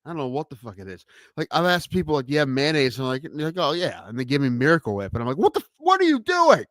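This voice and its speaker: A man's voice: medium pitch, lively intonation, rapid-fire, dry recording. Ranting podcast host man. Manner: ranting, swears, many restarts, swings from loud outbursts to mutters. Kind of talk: casual comedy podcast chat.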